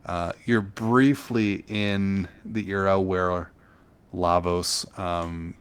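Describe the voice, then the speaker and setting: A man with a low, deep voice talks through ideas in a loose, rambling way as he co-hosts a podcast. He fills the gaps with plenty of ums and uhs, and the chat stays casual throughout. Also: steady tone, very slow, clean tone. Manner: rambling explanations full of filler words. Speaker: podcast co-host.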